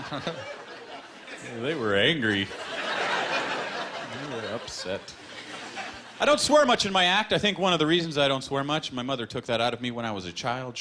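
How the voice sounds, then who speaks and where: A man doing a stand-up routine on a club stage, telling stories with a deadpan delivery and quick punchlines. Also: medium pitch. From Canada. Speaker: stand-up comedian. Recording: noisy live comedy club.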